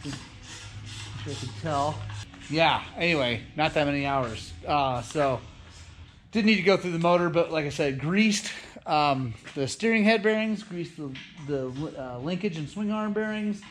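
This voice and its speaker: A man's voice: on the high side, measured pace, a bit bright, soft background music. A man running a motorcycle shop, talking casually and enthusiastically to the camera, with lots of fillers. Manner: upbeat, enthusiastic, many fillers. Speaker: motorcycle shop owner and vlogger. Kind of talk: casual vlog talk to camera.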